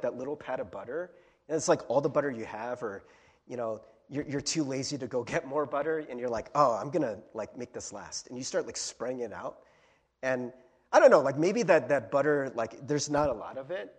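A man preaching a casual, conversational sermon as a pastor, animated and chatty, full of fillers and repeated words. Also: medium pitch, breathy edge.

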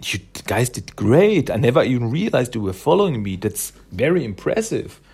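A man voicing a calm, encouraging ninja turtle who talks to his young students in a reassuring, matter-of-fact way. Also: mid-range voice, moderate pace, breathy edge. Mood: proud.

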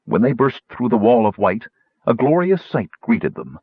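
A man reading a fantasy story aloud, narrating lively and putting on higher voices for the characters. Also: normal speed, breathy edge, dry recording, phone-quality sound. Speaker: audiobook narrator.

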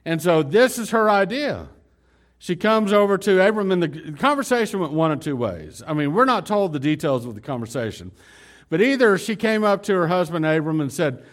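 A male pastor preaching a sermon, animated and talking straight to his congregation. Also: high-pitched, brisk. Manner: animated, acts out dialogue; addresses congregation directly.

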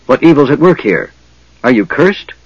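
A man voicing an agitated male dwarf who exclaims loudly in alarm. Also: medium pitch, moderate pace, dry recording, highs cut off, pitched above the performer's own voice, natural voice.

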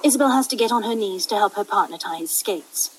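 A woman's voice: mid-range voice, expressive, quick pace, slight background noise, poor audio. A woman reading a story aloud in a casual way, who swears at her own slips. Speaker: reader. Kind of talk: reading fan fiction aloud.

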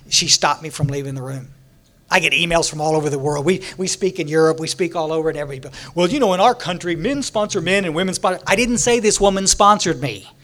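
A man's voice: fairly high pitch, a bit bright. A man telling his recovery story at a meeting in a folksy, joking way. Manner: folksy storytelling with jokes and laughter.

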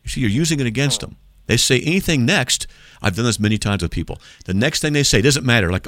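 A man's voice: mid-range voice, quick pace, no echo, clean studio sound. A man hosting a call-in radio show, talking emphatically and acting out mock back-and-forth dialogues to make his point. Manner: animated, emphatic, argues by playing out mock dialogues. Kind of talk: call-in radio apologetics talk.

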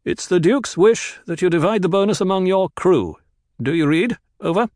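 A clipped, businesslike desert ecologist barking radio calls, as a man puts him on in a raised, higher register. The audio drama take is dry and close, with no room around it. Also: lively intonation, fast talker, gravelly, dry recording. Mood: urgent, formal.

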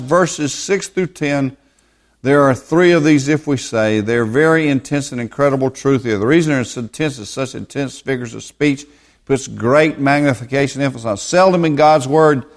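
A man teaching verse by verse from the Bible, stressing points by repeating words again and again. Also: medium pitch.

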